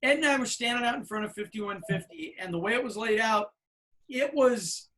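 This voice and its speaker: A man in his fifties, a podcast co-host, telling anecdotes in a casual, animated way with plenty of fillers. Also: sits high, normal speed. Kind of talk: casual storytelling chat.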